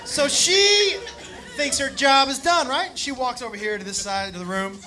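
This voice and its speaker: A man doing stand-up comedy, telling a story in an excitable, profane, animated way. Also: extremely high pitch, moderate pace. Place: comedy club stage. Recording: live club, loud crowd and noise. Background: audience laughter and noise.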